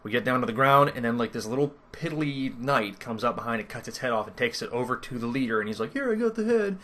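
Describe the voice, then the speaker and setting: A man's voice: medium pitch, steady tone, fast talker, sharp tone. A man casually recounting a tabletop game session, rambling and interrupting himself with lots of fillers. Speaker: first-time game master recapping a campaign. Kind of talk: casual storytelling recap.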